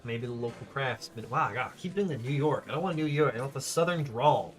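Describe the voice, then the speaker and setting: A man's voice: mid-range voice, animated, fast, faint music behind. A man streaming a role-playing game, chatting casually and joking about his own voice acting. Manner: self-mocking, playful. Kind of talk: casual gameplay commentary.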